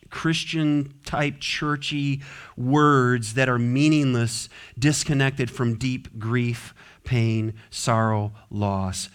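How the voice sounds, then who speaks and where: A man preaching a sermon as pastor in a church, dropping to soft low asides and rising to loud, drawn-out exhortation. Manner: emphatic, drawn-out stressed words. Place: church sanctuary.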